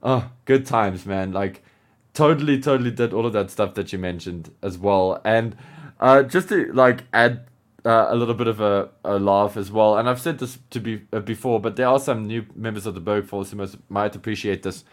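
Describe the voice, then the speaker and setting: A man co-hosting a podcast in casual chat, animated and laughing, with lots of filler words. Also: lowish voice, normal speed. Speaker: podcast co-host.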